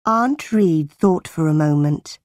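A woman narrating a graded-reader storybook in a clear, deliberate way. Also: low-pitched, expressive, a little mellow, no room sound, studio quality.

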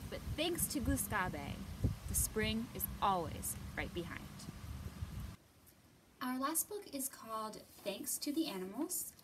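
A young woman leading a children's library storytime, gently coaxing little listeners with sing-song questions and sometimes dropping to a whisper. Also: fairly high pitch, big pitch swings, slow, distant mic, heavy background noise. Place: library room.

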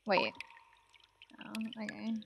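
A woman's voice: mid-range voice, big pitch swings, slow pace, creaky, highs cut off, background noise. A woman streaming a horror game, reacting to the scares with swearing and laughter. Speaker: let's play streamer. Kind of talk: casual gameplay commentary.

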